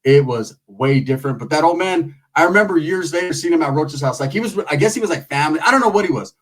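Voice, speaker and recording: A man's voice: fairly high pitch, lively intonation, quick pace. A man telling profane stories in a laid-back, casual way. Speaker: storyteller. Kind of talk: casual storytelling.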